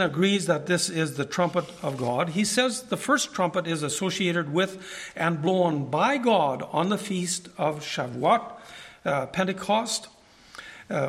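A man with a high voice preaching a Bible lesson. He reads scripture aloud and stops to explain it to the congregation. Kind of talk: Bible teaching sermon.

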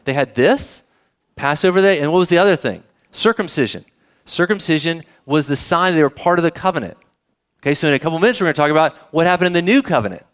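A man's voice: fairly high pitch, expressive, quick pace, clean tone. A man preaching a sermon in a conversational way, often asking the congregation questions. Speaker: pastor.

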